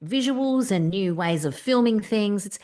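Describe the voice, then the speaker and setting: A woman's voice: medium pitch, expressive, a little slow, a little mellow. A middle-aged woman with an Australian accent co-hosting a podcast in casual chat, jokey and full of Aussie slang. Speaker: podcast co-host.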